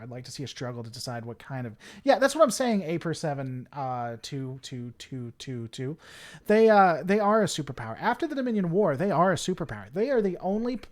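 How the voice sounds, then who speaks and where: Rambling from one thought to the next, a man hosting a livestream talks casually at his desk mic and responds to chat messages aloud as they come in. His slightly high voice moves animatedly up and down.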